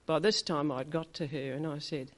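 A woman's voice: low-pitched, steady tone, moderate pace. An older woman telling a personal testimony at a church meeting, in chatty storytelling style. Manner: chatty storytelling, acts out quoted dialogue. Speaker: church member giving a testimony.

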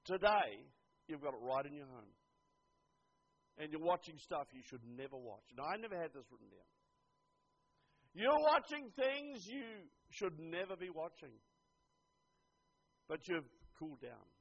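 Older man, high voice, earnest sermon, hushed to emphatic, dull lo-fi recording. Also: big pitch swings, measured pace, long pauses, breathy edge. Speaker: preacher.

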